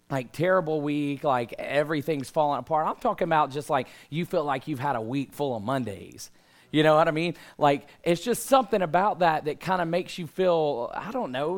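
Thirties male pastor, chatty sermon delivery with emphatic peaks, a little winded, higher voice. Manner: conversational, rising to emphatic calls. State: out of breath. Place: church hall with congregation.

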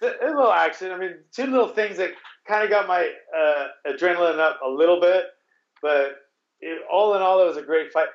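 A man tells a casual story, rambling and restarting, with blunt curse words here and there. His voice sits a little high for a man. The sound is roomy and a bit dull. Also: fairly quick. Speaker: guest telling a story.

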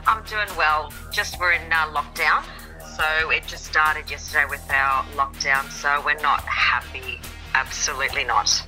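A woman's voice: sits low, steady tone, a little slow, bright, forceful tone, soft background music, rough recording. A woman with an Australian accent, a guest chatting in a sassy, friendly, talkative way. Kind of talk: casual chat.

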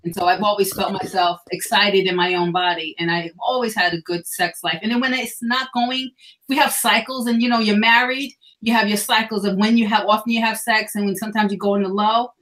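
A woman's voice: mid-range voice, fairly even intonation, fairly quick, fairly bright tone, poor audio. A middle-aged woman speaking frankly and earnestly as a guest on a candid panel discussion. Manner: frank, sexually explicit, earnest.

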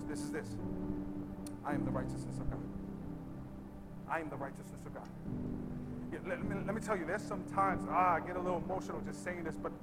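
A male pastor preaching a sermon to a congregation in a large church, moving between quick, quiet asides and loud, drawn-out shouting. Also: fairly high pitch.

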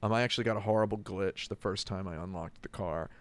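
A man's voice: lowish voice, fast, no echo. A man in casual chat about a video game, rambling with restarts and acting out quotes.

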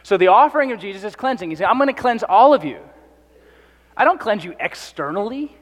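A man's voice: high voice, very animated, a little fast, big-room sound. A man preaching a sermon in a conversational way, acting out the speakers in the passage. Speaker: pastor.

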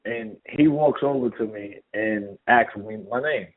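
Speaking at a measured pace in a mid-range voice, this middle-aged New Yorker is a former basketball player appearing as a guest in a casual interview. He's animated, performing the dialogue in his anecdotes, and the audio sounds tinny, like a phone line.

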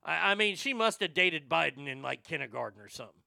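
A man telling profane, rambling personal stories to a live chat, animated and quick to joke. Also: fairly high pitch, creaky, dry recording, clean studio sound. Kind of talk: storytelling stream chat.

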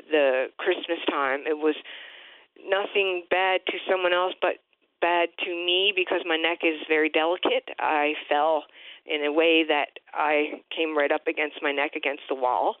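A woman in her forties calling in to a radio show, halting and hesitant with many restarts, distressed. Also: low-pitched, steady tone, clear, resonant tone, no room sound. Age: 40s. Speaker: caller. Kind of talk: call-in radio. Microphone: phone line. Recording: tinny phone line.

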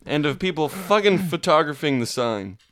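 A man's voice: on the high side, moderate pace, very noisy. A man co-hosting a comedy podcast, reading odd news stories aloud and swearing in nearly every line. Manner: reads news aloud with constant swearing, lively. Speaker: podcast co-host. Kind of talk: crude comedic banter.

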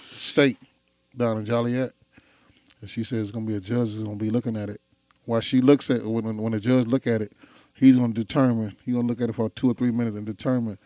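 A man's voice: medium pitch, no echo. A man telling stories in a casual chat, acting out the people in them. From Chicago. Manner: animated storyteller, acts out voices.

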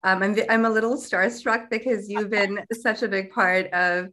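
A young adult woman, a food company founder, chatting as a guest in a casual interview and often filling pauses with um and like. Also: medium pitch, fairly even intonation, pushed and bright. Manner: chatty, many fillers like um and like.

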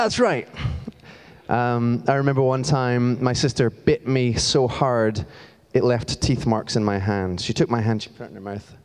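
A young man from Scotland preaches in a relaxed, chatty way, poking gentle fun at himself. His voice sits low and mellow. The sound carries a long reverb from the church hall. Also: clean tone. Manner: chatty, self-deprecating, moves around while talking. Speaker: church staff member preaching. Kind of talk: sermon.

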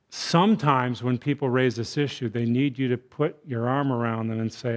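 A man preaching a sermon in church, moving between hushed, tender passages and loud, bellowing emphasis, and acting out voices for effect. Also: mid-range voice, steady tone, moderate pace, hardly any pauses. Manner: acts out quoted voices for effect. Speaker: guest preacher. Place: church sanctuary.

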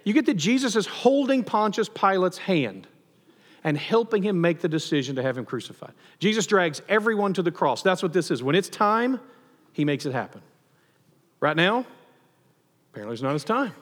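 Man, pastor, sermon, fairly high voice, long hall reverb. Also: normal speed. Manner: conversational, animated storytelling with humor.

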